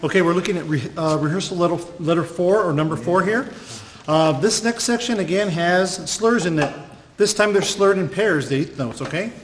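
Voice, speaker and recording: Patient man with a high voice teaching violin. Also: moderate pace, slight background noise. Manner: clear, patient explanation, scats rhythms. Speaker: violin instructor. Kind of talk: music lesson.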